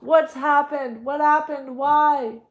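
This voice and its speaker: Casting note: woman doing a tearful older woman, high and strained with grief. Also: steady tone, takes it slowly, phone-quality sound. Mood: distraught. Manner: cries out in high, strained exclamations.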